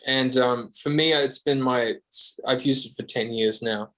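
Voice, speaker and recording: An Australian man speaks as a podcast guest in a mid-range voice, easygoing and a little self-deprecating. He wanders through his answers with fillers and false starts, in a relaxed conversational tone. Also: medium pitch, a little slow. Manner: rambling, self-deprecating, frequent fillers and restarts. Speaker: guest guitarist. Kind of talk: casual podcast interview.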